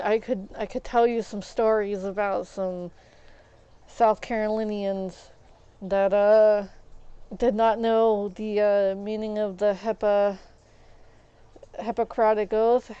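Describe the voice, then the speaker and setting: A woman's voice: mid-range voice, takes it slowly, long pauses, clear, resonant tone, muffled recording. A woman telling rambling stories on a stream, acting out what others said. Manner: rambling, animated, acts out quoted people. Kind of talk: casual storytelling while gaming.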